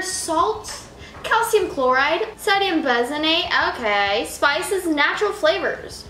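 A woman vlogger rambles through a casual food-tasting video, talking to the camera and poking fun at herself. Her high-pitched voice sounds pushed and bright. The room is echoey with faint noise.

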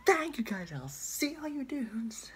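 A man putting on a voice for an excitable young male video host doing a loud outro, strained high and shouting, recorded on a phone. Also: a little slow, noisy background, exaggerated voice. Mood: hyped.

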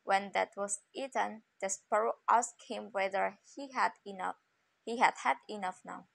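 A woman's voice: medium pitch, steady tone, normal speed, creaky, dry recording, rough recording. A woman reading a fairy tale aloud carefully, often restarting phrases. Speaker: reader.

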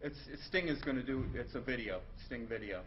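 A male producer speaking quietly off-mic in a studio, calm and counting down. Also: medium pitch, fairly quick, muffled recording, a little hiss or hum.

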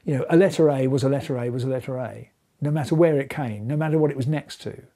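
Gravelly, husky older man explaining craft. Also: medium pitch, fast. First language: English. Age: 70s. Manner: thoughtful, explanatory, with small restarts and soft asides. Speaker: letter carver. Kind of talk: documentary interview.

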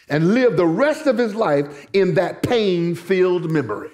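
A man's voice: sits high, sing-song, unhurried, hardly any pauses, darkish tone. A middle-aged male pastor preaching a sermon in church, telling stories with folksy asides to the congregation. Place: church sanctuary.

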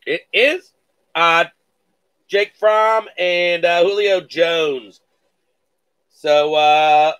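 A man's voice: on the high side, fairly even intonation, drawn-out words, long pauses, fairly bright tone, clear, resonant tone. A man hosting a live card-breaking stream, reading out pulls with hype catchphrases and playful mock-cursing.

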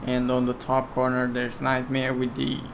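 A man's voice: medium pitch, monotone, moderate pace, vocal fry, slight background noise. A man whose first language is Romanian, casually commentating a strategy game match with a friend, chatty and getting heated when he argues.

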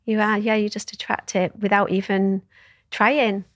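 A woman's voice: medium pitch, level tone, moderate pace, dry recording, clean studio sound. A woman guest telling personal stories in an open, reflective way, swearing freely as she talks. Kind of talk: candid conversational storytelling.

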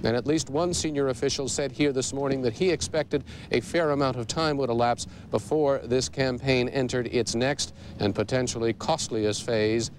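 A male correspondent giving a formal, measured live news report. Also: medium pitch, fairly even intonation, background noise.

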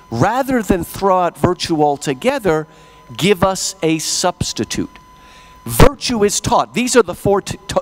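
A middle-aged man from Texas giving a lecture as a plenary speaker, an animated, joking storyteller. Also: high-pitched. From Texas, USA.

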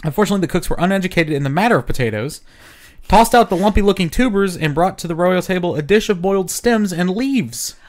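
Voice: medium pitch, expressive, quick pace, a little mellow. A podcast co-host reading out history facts in a casual chat, with jokey asides.

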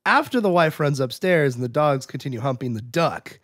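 A man co-hosting a podcast in a casual film discussion, animated and acting out scenes in exaggerated voices. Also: medium pitch, moderate pace, no room sound, studio quality. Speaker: podcast co-host.

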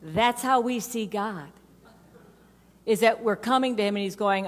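Unhurried, playful woman pastor. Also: medium pitch. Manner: conversational and playful. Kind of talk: sermon. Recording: reverberant church hall.

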